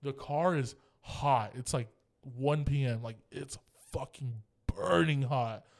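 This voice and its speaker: A man's voice: mid-range voice, slow, gravelly. A young man co-hosting a podcast, telling a long story in casual chat, swearing a lot and acting out both sides of the dialogue. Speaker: podcast co-host.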